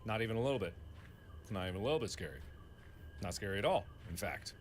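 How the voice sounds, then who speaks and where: A man's voice: fairly low pitch, expressive, fast talker, a little hiss or hum. A man playing a horror game and talking to himself, chatty and joking as he explores. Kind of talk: casual solo game commentary.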